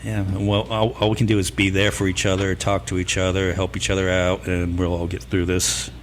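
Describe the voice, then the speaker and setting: A man co-hosts a casual podcast chat in an easygoing, supportive way. His voice sits very low. A faint hum runs behind him. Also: monotone, a little fast. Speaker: podcast co-host.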